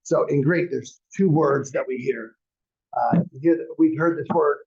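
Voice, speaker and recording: A man's voice: a little high, moderate pace, gravelly, a little mellow, highs cut off. A man teaching a classroom lecture in a conversational, rambling way with many restarts. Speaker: real estate class instructor.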